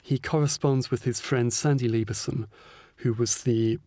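A man's voice: medium pitch, fairly even intonation, moderate pace, dark tone, dry recording, studio quality. A man, an author interviewed as a guest, talking thoughtfully with many hesitations. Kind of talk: podcast interview.

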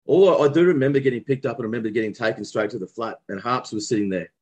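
Speaking fast with a slightly dark, breathy tone at medium pitch, this former cricketer from Brisbane reminisces in an easygoing interview. His Australian-accented account rambles and keeps starting over.

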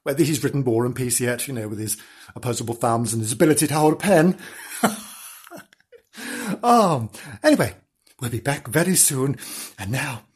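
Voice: mid-range voice, expressive, normal speed, pauses often, slightly rough. A podcast host reading a children's story aloud in a comic way, interrupting it with playful asides, giggles and mock apologies to the children listening.

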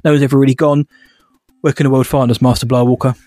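A man's voice: mid-range voice, little pitch movement, fast talker, dark tone, no echo, clean studio sound. A man co-hosting a podcast, chatty and often laughing. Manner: chatty, laughs often, says mate a lot. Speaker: podcast co-host. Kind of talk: casual podcast banter.

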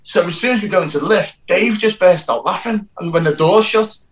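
A man's voice: sits high, fairly quick, low-quality recording. A man, a stunt performer and actor, chatting in an interview and telling stories animatedly with many restarts and stammers. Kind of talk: casual interview chat.

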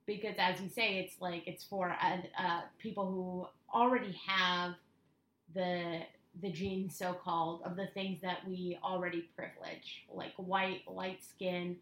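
A woman's voice: fairly low pitch, little pitch movement, measured pace, fairly bright tone, echoey room, low-quality recording. A woman co-hosting a podcast, talking in an opinionated casual way with many "like"s. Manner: opinionated, lots of "like". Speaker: podcast co-host. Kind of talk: casual chat.

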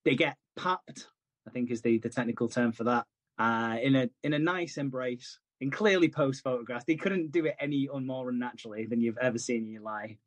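A man's voice: medium pitch, a little fast, dry recording. Sweary rambling man, dry sound. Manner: sweary, rambling, acts out characters' lines. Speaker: podcast co-host. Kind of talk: casual chat recapping a soap.

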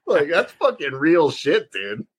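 A former pro wrestler hosting a podcast, chatting casually with plenty of profanity. He retells events in lively detail. His voice sits at a middle pitch for a man. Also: moderate pace. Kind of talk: casual chat.

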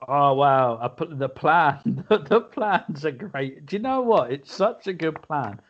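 A man's voice: fairly high pitch, sing-song, takes it slowly. A man, co-hosting a podcast in playful casual chat, laughing often. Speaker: podcast co-host. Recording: dull lo-fi audio.

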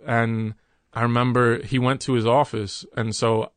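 A man as an interview guest, candidly recounting a workplace conflict in an earnest, halting way with many restarts. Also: mid-range voice, fairly even intonation, no room sound.

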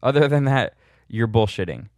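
A man's voice: mid-range voice, lively intonation, moderate pace, a little mellow, dry recording. A young man casually answering viewer questions in a blunt, sardonic way, chuckling at his own jokes. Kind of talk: casual Q&A monologue.

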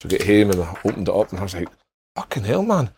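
A man's voice: fairly low pitch, sing-song, very fast, a little mellow, a little hiss or hum. A middle-aged Scottish man telling sweary, laughing anecdotes in casual podcast chat, acting out other people's lines. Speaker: podcast panellist.

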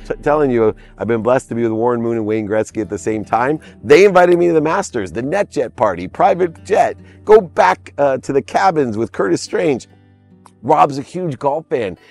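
A man's voice: medium pitch, darkish tone. A man in his fifties, a podcast guest, telling a personal story in an emphatic, heartfelt way. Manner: emphatic, heartfelt storyteller who stresses key words. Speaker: interview guest.

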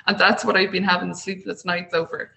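A woman's voice: on the low side, a little fast, gravelly, slight background noise, poor audio. A woman, a guest on an interview podcast, talking casually and acting out the voices she quotes. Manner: animated storytelling, acts out quoted voices. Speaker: guest, small business owner.

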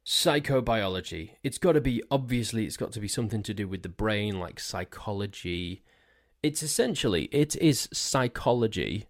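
A man talks alone into a desk mic for his podcast, his voice sitting a touch low. He rambles along in a jokey, self-mocking way and keeps tripping over his own words. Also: animated, normal speed. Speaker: podcast host. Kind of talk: casual solo podcast monologue. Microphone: desk mic on a stand.

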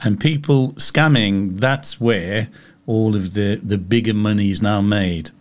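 Slow, thoughtful male interviewer. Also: fairly low pitch. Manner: thoughtful, reflective. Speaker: host. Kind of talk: interview questions.

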